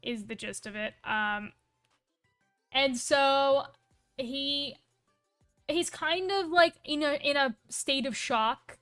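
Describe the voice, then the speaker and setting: High, bright-voiced woman streamer. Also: soft background music. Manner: rambling, full of asides and self-corrections; playful and quick to laugh at herself. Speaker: livestreamer. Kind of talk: casual storytelling on a live stream.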